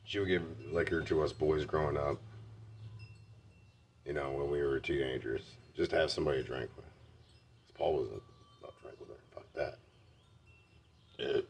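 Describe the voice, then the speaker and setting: A man's voice: extremely low pitch, steady tone, unhurried, creaky, pauses often, a little hiss or hum. A man telling candid personal stories in a blunt, heavily profane way. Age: adult. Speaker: vlogger.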